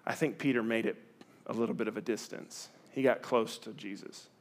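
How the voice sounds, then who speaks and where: A middle-aged man, preaching a sermon in a candid, conversational way that swings from loud to hushed. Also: lowish voice, fairly even intonation, a little fast. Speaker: pastor.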